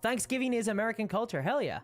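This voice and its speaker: Animated rambling woman streamer. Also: fairly high pitch, fast, soft background music. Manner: animated and rambling, laughs often. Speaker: livestream host. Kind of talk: casual livestream chat reading viewer comments.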